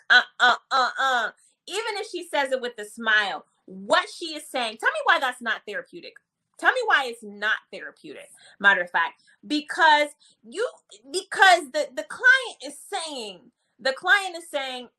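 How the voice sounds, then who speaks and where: A woman with a slightly high voice runs a live-stream nursing exam review. She's lively and teasing, repeats phrases, and chats with her viewers.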